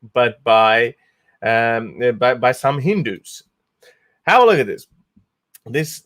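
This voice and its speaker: A man's voice: mid-range voice, a bit bright. A man hosting a livestream, talking casually in an amused, sarcastic way with frequent laughs and restarts. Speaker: host.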